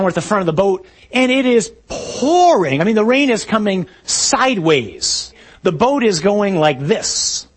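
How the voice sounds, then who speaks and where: A man preaching a sermon, retelling a story vividly and acting out shouted lines. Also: high voice, slightly rough.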